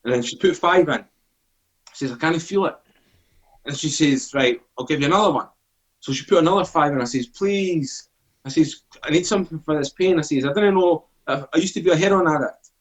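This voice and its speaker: This fairly high-pitched, fairly quick male voice comes from a Scottish man in his forties appearing as a podcast guest. Full of swearing and energy, he tells a story and voices what others said.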